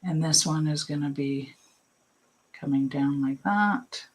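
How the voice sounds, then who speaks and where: A woman's voice: low-pitched, slow pace, low-quality recording. A woman leading a casual live painting lesson, chatty and reassuring, rambling through asides with plenty of ums and likes. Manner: reassuring, encouraging. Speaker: painting instructor.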